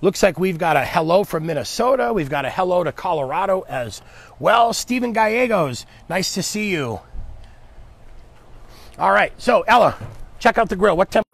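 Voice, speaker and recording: A man's voice: sits high, animated, normal speed, creaky, a bit bright. A man hosting a live cooking demo, chatting upbeat with viewers and his helper as he cooks. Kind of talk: live cooking stream, casual chat.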